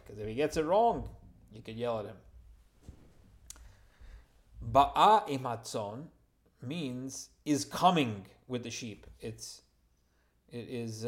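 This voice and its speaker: Man teaching scripture verse by verse. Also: medium pitch. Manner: reads Hebrew phrases then translates them; informal asides and gentle humor. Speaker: Torah teacher.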